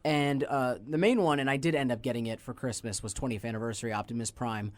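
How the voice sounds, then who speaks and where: A man co-hosting a podcast, chatting casually in a lively, joking, opinionated way. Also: mid-range voice, quick pace. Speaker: podcast co-host. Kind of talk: casual chat.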